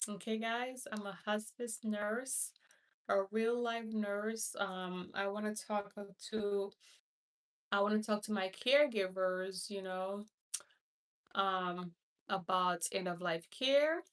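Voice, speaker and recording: A woman's voice: medium pitch, steady tone, takes it slowly, distant mic. A woman from Haiti, a hospice nurse, hosting a casual live stream who rambles, repeats herself and greets viewers by name. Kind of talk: casual livestream chat.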